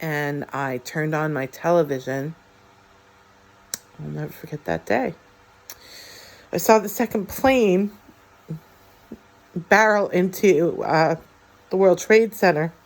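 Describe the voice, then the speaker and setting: A low-pitched American vlogger in her forties shares a personal story from her life. She's heartfelt but halting, full of fillers and restarts.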